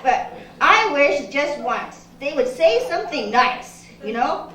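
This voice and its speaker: A woman doing a stand-up comedy set in a club, delivering deadpan one-liners with halting restarts. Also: high-pitched. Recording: roomy live room from far mic, audience laughter. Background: audience laughter.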